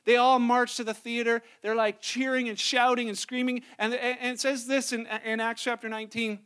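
High-voiced man preaching a sermon. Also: little pitch movement, a little fast, fairly bright tone, smooth. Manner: conversational, acts out quoted people in voices. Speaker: pastor.

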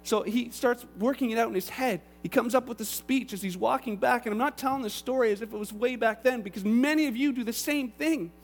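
Animated high-voiced male preacher. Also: brisk, hardly any pauses. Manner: animated storytelling, acts out characters' voices. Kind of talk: sermon.

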